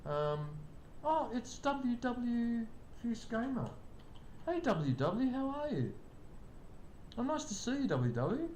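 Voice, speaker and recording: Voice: big pitch swings, takes it slowly, a little mellow. An older streamer, chatting casually with live viewers and greeting them by name. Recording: echoey room, faint rumble.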